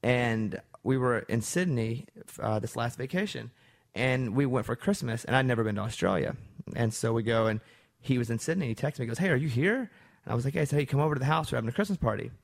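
A man's voice: medium pitch, a little fast, creaky. A man hosting a casual interview, conversational and joking, hedging with "like". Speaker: interview host.

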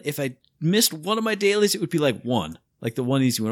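A man co-hosting a podcast in casual chat, telling stories with lively acted-out asides. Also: fast, hardly any pauses, no echo. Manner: animated storyteller, acts out his own inner voice with big pitch jumps. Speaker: podcast co-host.

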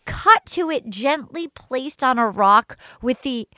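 A woman hosting a podcast, chatting casually about a reality show with lively, mocking asides and frequent laughter. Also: high-pitched, takes it slowly, no echo. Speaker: podcast host.

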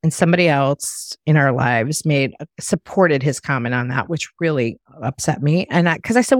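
A woman's voice: low-pitched, normal speed, hardly any pauses, dry recording, studio quality. A middle-aged woman hosting a podcast, chatting casually and acting out the voices of people in her stories. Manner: animated storyteller, acts out quoted voices. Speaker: podcast host. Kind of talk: casual chat.

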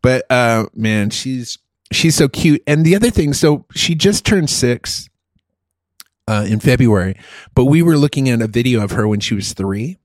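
A man with a lively voice that swings up and down chats and jokes on a podcast. His voice sits in a middle register and sounds close and dry. He sounds like he is in his thirties. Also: medium pitch, normal speed, no echo. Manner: animated, joking. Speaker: podcast co-host. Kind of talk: casual chat.

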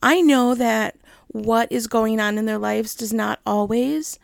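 A middle-aged woman hosting a casual faith talk, chatty and gentle, laughing often. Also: a little high, steady tone, unhurried, creaky, no room sound, studio quality. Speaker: host.

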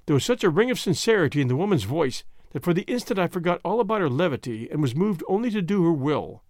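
A male narrator reading a story aloud with a very lively, varied delivery and a fairly high voice. The recording is close and dry, with no room sound. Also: brisk, dry recording. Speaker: audiobook narrator. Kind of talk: scripted narration.

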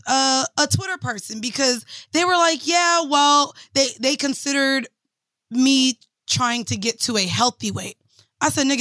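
Young woman podcast host, high-pitched, brash and cursing, dry studio sound. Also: pushed and bright, no echo. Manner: brash, profane, quick comebacks. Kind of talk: casual chat. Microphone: studio podcast mic.

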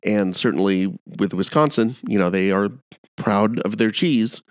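A man with a fairly low voice talks on a casual podcast, recorded dry and close. He rambles and restarts, but stays animated and keen. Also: unhurried, no room sound. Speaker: podcast co-host.

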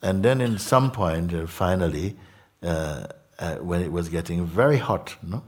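A man's voice: sits low, expressive, husky. A man giving a spiritual talk to a gathering, reflective, often adding "no?" and "hmm?". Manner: slow, reflective, tag questions like "no?" and "hmm?". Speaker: spiritual teacher. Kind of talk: satsang talk.

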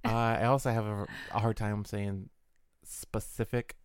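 A man with a Southern Maryland accent co-hosting a podcast, talking fast with quick restarts. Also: lowish voice, flat delivery, clear, resonant tone, no echo, studio quality. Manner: fast, tumbling speech with restarts. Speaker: podcast co-host. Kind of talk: casual chat.

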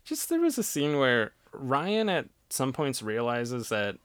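Very low-voiced woman podcast host, dry sound. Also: very animated, a little slow, no echo. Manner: laid-back, agreeable retelling. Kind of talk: casual movie-review chat.

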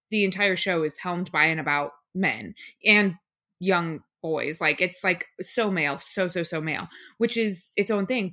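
A woman's voice: lowish voice, fairly bright tone. A young adult woman co-hosting a casual podcast chat, rambling and leaning heavily on "like" as she thinks aloud. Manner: rambling, heavy use of "like". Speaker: podcast co-host.

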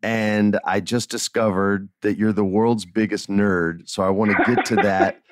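A man in his forties hosting a podcast, telling stories in a casual, animated way and swearing freely. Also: on the low side, unhurried, dry recording, studio quality. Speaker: podcast host. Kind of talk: casual interview chat.

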